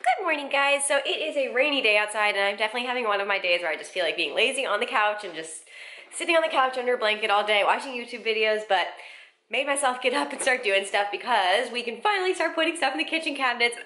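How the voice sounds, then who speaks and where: A woman's voice: on the high side, expressive, fast, sharp tone, faint music behind. Chatty young woman vlogging at home. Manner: chatty and rambling, with fillers and little laughs. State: hiccuping. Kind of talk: casual daily vlog. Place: home kitchen, indoors. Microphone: handheld vlogging camera.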